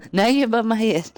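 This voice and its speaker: A woman's voice: on the high side, darkish tone, no room sound. A woman livestreamer at home, chatting casually with her viewers in a blunt, profane, joking way. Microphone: desk microphone.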